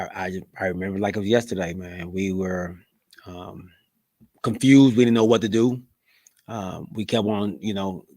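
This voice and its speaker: A man's voice: fairly low pitch, no echo. A middle-aged man co-hosting a podcast, reading the live chat and chatting casually, often saying "man" with plenty of fillers. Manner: relaxed, says "man" a lot, many fillers.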